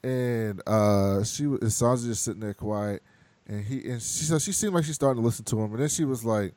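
A man hosting a casual podcast, recapping scenes and acting out the characters' lines in quick voices, laughing often. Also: medium pitch, a little mellow, no room sound. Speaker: podcast host recapping a TV show. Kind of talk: casual chat.

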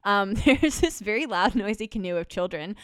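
A woman's voice: medium pitch, animated, normal speed, a bit bright, smooth, dry recording, clean studio sound. A young woman co-hosting a podcast, chatting casually and swearing freely as she recaps a musical and acts out quoted lines. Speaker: podcast co-host.

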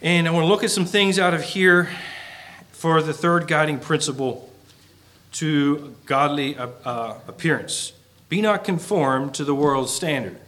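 A man preaching in an earnest, fairly high voice. He reads scripture in measured phrases and climbs in pitch and volume when he drives a point home. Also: fairly bright tone. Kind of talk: sermon.

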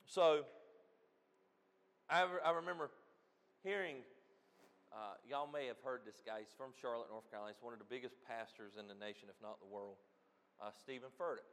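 A man preaching a sermon as a pastor, swinging from loud emphatic lines to quiet asides. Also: mid-range voice, brisk, pauses often. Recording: long reverb of a hall.

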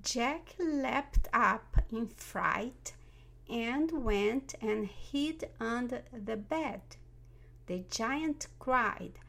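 A woman tells a children's fairy tale in an unhurried storybook voice. She reads at a very slow, deliberate pace, and her voice sits a little higher than most women's. Every line comes out even and careful. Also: vocal fry. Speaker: narrator. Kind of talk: storybook narration.

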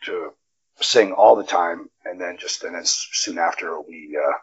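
A man guest on a wrestling interview, telling stories in a casual, profane and animated way, his pitch jumping up when he gets excited. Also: measured pace, breathy edge, dull audio. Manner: animated, profane storytelling with sudden jumps in pitch. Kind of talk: casual storytelling chat. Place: Nevada.

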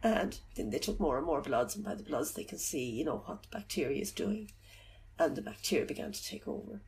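A middle-aged woman telling of her loss in an interview. She talks haltingly and softly, often searching for words. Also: low-pitched, lively intonation, gravelly, slight background noise. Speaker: bereaved mother telling her story. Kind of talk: personal account in an interview.

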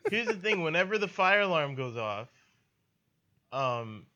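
A young man with a strikingly bright, somewhat high voice tells a story to his friends. He laughs through the telling, then lands each punchline deadpan. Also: a little slow, muffled recording. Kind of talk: casual storytelling chat.

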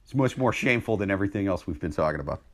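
A man on a comedy podcast trading crude, deadpan jokes in casual chat. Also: racing. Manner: deadpan, crude joking with a lively pitch.

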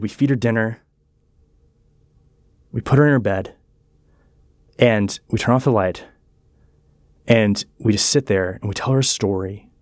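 Man, pastor guest, earnest reflective storytelling, fairly low voice, dry close sound. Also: a little mellow, no echo. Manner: earnest, reflective, slows down on key words. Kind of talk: personal storytelling in a podcast interview.

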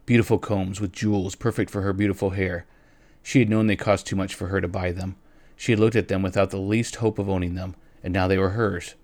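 Man reading a story out loud, gentle, kinda low voice, dry close sound. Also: no room sound. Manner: gentle, addresses listeners directly. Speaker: reader. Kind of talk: storytelling narration.

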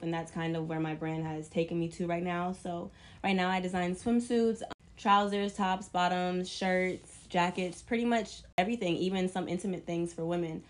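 A woman guest on a casual podcast, chatty and laid-back, describing her clothing line with many fillers. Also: fairly low pitch.

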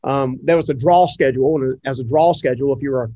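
A middle-aged man, an entrepreneur, telling a personal story in an interview, animated and full of fillers as he acts out the dialogue. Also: medium pitch, fast, dry recording. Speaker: entrepreneur guest. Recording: dry, slightly muffled audio.

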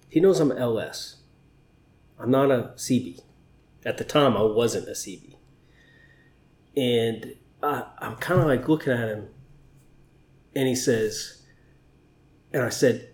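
A man's voice: medium pitch, expressive, a little slow, pauses often. A man, a Navy chief, telling personal stories as an interview guest in a candid, emotional way, swearing freely. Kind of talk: conversational storytelling. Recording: roomy echo.

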